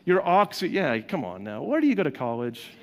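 A male pastor preaches in a relaxed, conversational sermon, often putting questions to his listeners and acting out the voices he quotes. His voice sits a little high for a man. The sound carries a long reverb, as from a large church hall. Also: a little fast, slight background noise.

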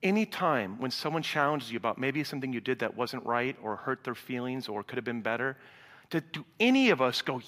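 A man preaching a sermon to a live congregation, animated, acting out dialogue and swinging from loud to hushed. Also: on the high side, moderate pace. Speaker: pastor. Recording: reverberant hall sound.

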